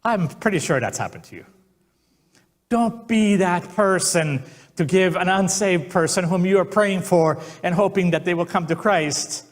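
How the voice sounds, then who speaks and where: A man preaching a sermon as pastor, telling stories and acting out the quotes. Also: high voice. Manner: storytelling, acts out quotes.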